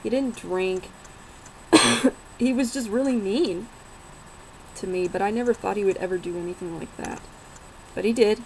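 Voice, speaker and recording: A woman's voice: medium pitch, gravelly, slight background noise, low-quality recording. A young woman casually telling a personal story, rambling and swearing now and then. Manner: unhurried, rambling, swears and laughs while telling.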